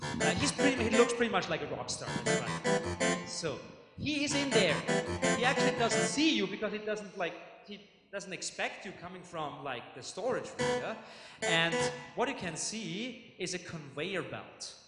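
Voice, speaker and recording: Man game master, lively pitch, slightly high voice, echoey room, loud music. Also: normal speed. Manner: animated, searching for words. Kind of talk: narrating a tabletop game.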